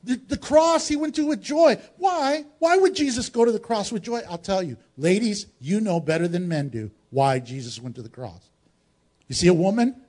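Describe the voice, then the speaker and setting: High-voiced dramatic male preacher. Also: animated, normal speed. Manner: dramatic, swings between raised exclamations and hushed low tones; asks the congregation rhetorical questions. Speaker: pastor. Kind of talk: sermon.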